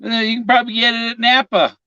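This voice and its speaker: A man's voice: extremely high pitch, flat delivery, fast, bright, forceful tone, clean tone, dry recording. A man in casual chat, joking and giggling often. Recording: dull, dry lo-fi sound.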